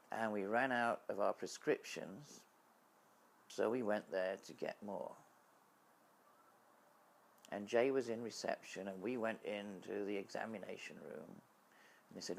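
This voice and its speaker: A man telling a personal story in an interview, measured and wry, sometimes halting. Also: lowish voice, vocal fry.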